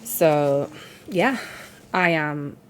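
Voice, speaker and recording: A woman talks casually into the camera, nasal and congested from a cold. Her chat wanders and pokes gentle fun at herself. A faint noise sits under her voice. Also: deep voice, lively intonation, very slow. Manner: chatty, rambling, self-deprecating. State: congested with a cold, sore throat. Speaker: cross-stitch vlogger.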